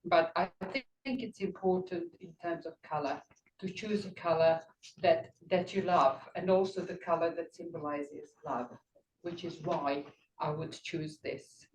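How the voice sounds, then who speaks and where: An older woman giving an impromptu speech at a club meeting, thoughtful and rambling, pausing to find her words. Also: lowish voice, fairly even intonation, roomy sound, a little hiss or hum, low-quality recording. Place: meeting room.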